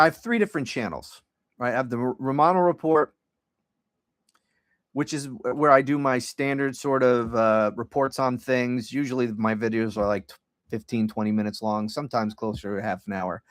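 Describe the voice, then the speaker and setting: A middle-aged man hosting a casual solo livestream. He rambles and swears, and his tone is sardonic. His voice sits at an ordinary pitch and is recorded dry and close. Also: moderate pace, dry recording. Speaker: podcast host.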